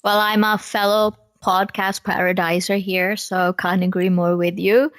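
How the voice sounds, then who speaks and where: Woman, podcast host, slow pace, dry sound, upbeat, encouraging. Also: medium pitch, little pitch movement, dry recording. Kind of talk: interview questions.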